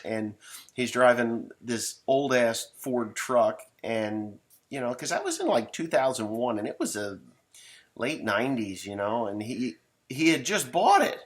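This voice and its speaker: A middle-aged man, a farmer, telling a rambling, folksy story in casual talk, swearing now and then. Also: medium pitch.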